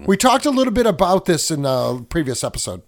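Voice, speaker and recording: Rambling male podcast co-host, higher voice. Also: big pitch swings, quick pace. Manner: rambling, self-correcting, explains with movie references. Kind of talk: casual chat.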